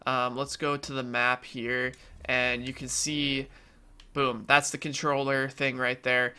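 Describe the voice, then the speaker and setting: A man's voice: medium pitch, little pitch movement, takes it slowly, sharp tone, smooth. A young man with a nasal, allergy-stuffed voice, chatting casually over his own gameplay, full of fillers and reassuring his viewers. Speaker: gaming YouTuber.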